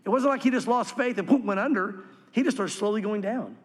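A man preaching a sermon as pastor, earnest and swinging from animated to hushed. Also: high voice, brisk, long reverb tail.

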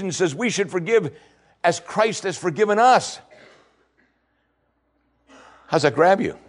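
A man's voice: high-pitched, lively intonation, slow pace, long pauses. A male pastor preaching a sermon, reading scripture and pressing points with rising, emphatic questions.

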